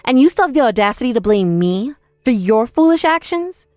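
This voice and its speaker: A woman's voice: on the high side, expressive, brisk, warm tone, no echo, clean studio sound. A young woman telling a first-person dramatized story in an indignant, accusing manner. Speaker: narrator and protagonist.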